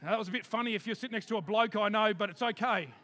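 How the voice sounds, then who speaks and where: A man preaching a sermon, emphatic, switching between quick asides and slow, loud declarations. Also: high voice.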